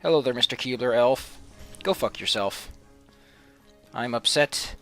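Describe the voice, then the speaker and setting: A man's voice: mid-range voice, animated, unhurried, fairly bright tone, no room sound, faint music behind. A man giving casual gameplay commentary as a let's play host, with sarcastic, mock-villainous rants and swearing.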